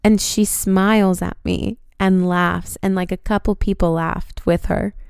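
Smooth-voiced woman telling a story. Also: lowish voice, measured pace, no echo, studio quality. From United States. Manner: animated, frequent swearing. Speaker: podcast host. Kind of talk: casual storytelling.

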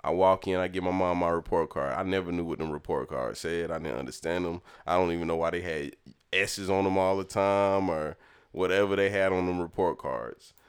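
A man's voice: deep voice, fairly quick, smooth. A young man, casually telling stories from his childhood, laughing often and acting out quotes. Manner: laid-back, laughs often, acts out quotes. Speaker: podcast storyteller. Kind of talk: casual storytelling.

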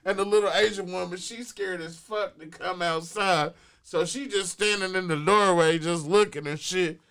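A man's voice: high voice, steady tone, moderate pace, fairly bright tone, clean tone. A man co-hosting a talk show in a studio, telling a story casually with heavy profanity. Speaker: co-host. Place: radio studio.

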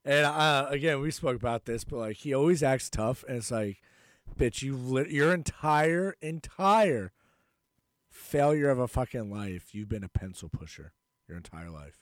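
A man's voice: mid-range voice, expressive, unhurried, no echo, clean studio sound. A man co-hosting a podcast, talking in crude casual banter, rambling and swearing, laughing often. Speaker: podcast co-host.

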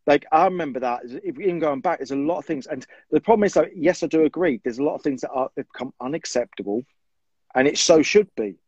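A man's voice: a little high, expressive, fast talker, a little mellow, breathy edge, dry recording. A man and military veteran in casual chat, reflective and conversational. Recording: dull, dry lo-fi mic.

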